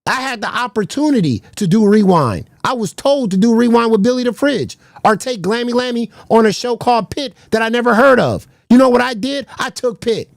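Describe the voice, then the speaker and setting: A man's voice: very high voice, lively intonation, fairly quick, creaky, hardly any pauses, no echo, clean studio sound. A man hosting a stream, ranting in slangy, swearing, mocking talk. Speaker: stream host. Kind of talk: casual ranting commentary.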